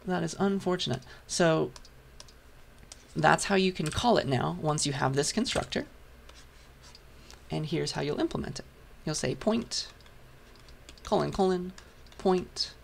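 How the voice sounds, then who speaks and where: A man lecturing a programming class, patient and step by step while writing, his voice hoarse. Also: on the high side, measured pace, long pauses, a little hiss or hum. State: hoarse, losing voice. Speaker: university lecturer. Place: lecture hall.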